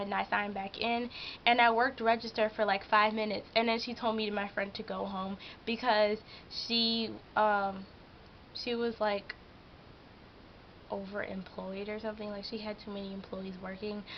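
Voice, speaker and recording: In a hot room at home, a teenage girl vlogs about her job, chatty and emotional, venting and saying "like" constantly. Her mid-range voice comes through dull audio with slight background noise.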